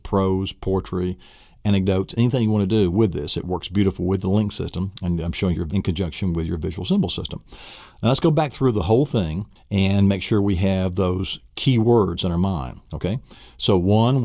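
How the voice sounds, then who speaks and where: A man's voice: low voice, warm tone, no room sound, studio quality. A man teaching a memory technique, quizzing the listener with questions he answers himself. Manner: enthusiastic, asks and answers his own questions. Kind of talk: spoken lesson walkthrough.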